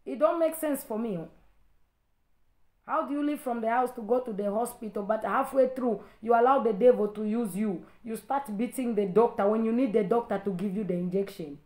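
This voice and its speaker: A woman's voice: a little high, moderate pace, a little mellow. A woman pastor with an African accent, preaching and confronting a critic with a string of rhetorical questions. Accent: African English. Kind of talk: preaching to a live stream.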